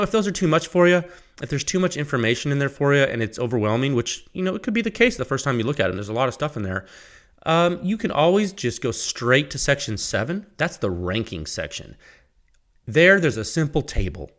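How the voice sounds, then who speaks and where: A man's voice: medium pitch, fairly bright tone. A man hosting his own podcast, talking casually and rambling, laughing at himself as he reads his own sponsor plug. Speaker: podcast host. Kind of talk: casual solo podcast talk.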